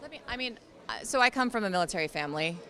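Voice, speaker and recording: A woman's voice: medium pitch, animated, racing, bright, forceful tone. A woman interviewer asking probing questions in a conversational way. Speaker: interviewer, correspondent.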